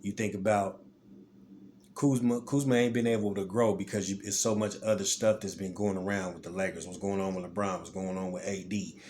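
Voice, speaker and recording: A man's voice: deep voice, fairly even intonation, fairly quick, darkish tone, a little hiss or hum. A man vlogging his casual sports opinions, rambling and repeating himself as he talks straight to viewers.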